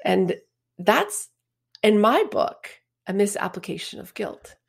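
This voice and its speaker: A woman's voice: medium pitch, big pitch swings, slow, creaky, breathy edge. Chatty woman podcast co-host. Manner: chatty, humorous, acts out quotes. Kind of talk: casual conversational chat.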